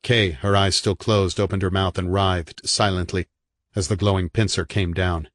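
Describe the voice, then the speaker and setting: Deep-voiced man narrating horror. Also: flat delivery, normal speed, a bit bright, no room sound, clean studio sound. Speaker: audiobook narrator.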